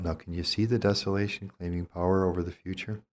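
Older male priest, very low voice, unhurried reflective teacher. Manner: calm, reflective, gently explanatory. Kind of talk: teaching talk on spiritual discernment.

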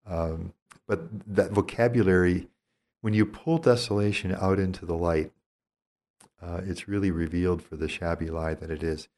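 An older man, a priest, giving a calm and reflective teaching talk on spiritual discernment. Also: low-pitched, normal speed. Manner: calm, reflective, gently explanatory.

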